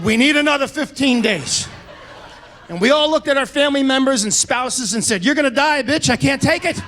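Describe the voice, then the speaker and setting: A middle-aged American man doing a stand-up comedy set, telling brash, profane stories and shouting his punchlines. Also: extremely high pitch, a little hiss or hum. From United States. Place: comedy club stage.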